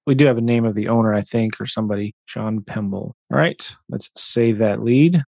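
A man coaching real estate investors on a live online webinar, talking in an energetic, conversational and emphatic way. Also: lowish voice, normal speed, gravelly, no room sound.

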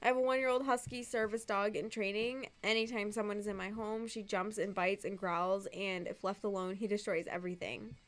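A woman's voice: medium pitch, a little fast, hardly any pauses. A young woman co-hosting a live Q&A, reading out viewer questions and laughing easily. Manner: reads questions aloud, laughs easily, animated. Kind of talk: live-stream Q&A chat.

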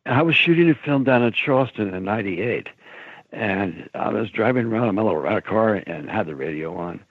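A man's voice: fairly low pitch, lively intonation, brisk, no room sound. A man in his seventies, a guest telling long stories in a rambling way, often laughing and acting out what others said. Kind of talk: casual storytelling. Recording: dry tinny phone line.

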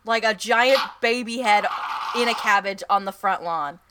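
A woman's voice: medium pitch, normal speed, noisy background. A woman co-hosting a podcast, chatting casually and teasing playfully. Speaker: podcast co-host. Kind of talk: casual chat.

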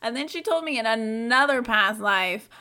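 A woman's voice: fairly high pitch, expressive, moderate pace, bright, forceful tone. A young adult woman co-hosting a podcast in casual chat, reading from her notes with lots of fillers and playful asides. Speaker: podcast co-host.

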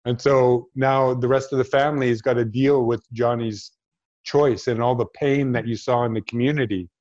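A man, an actor, telling a personal story in an interview, reflective and halting, with frequent restarts. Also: medium pitch, steady tone, a little mellow, dull audio. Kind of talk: storytelling in conversation.

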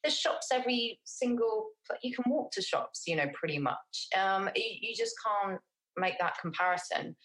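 A woman's voice: mid-range voice, moderate pace, fairly bright tone, rough recording. A middle-aged woman from England, talking casually as an interview guest, rambling with many restarts and fillers.

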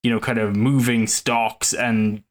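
This medium-pitched man speaks a little slowly with very little rise and fall. Co-hosting a film podcast, he muses his way through a casual discussion, wandering and dropping in plenty of fillers.

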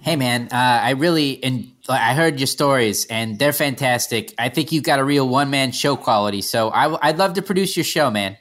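A man's voice: mid-range voice, normal speed, hardly any pauses, fairly bright tone, close to an everyday voice. A man doing an impression of a laid-back movie actor offering to fund a show, drawling and saying man a lot.

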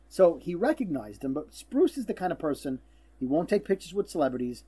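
A man's voice: fairly high pitch, big pitch swings, brisk, dark tone, slightly rough. A middle-aged man hosting a podcast, telling stories in a teasing, casual way with plenty of fillers. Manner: storytelling, teasing, stumbles on fillers. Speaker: podcast host.

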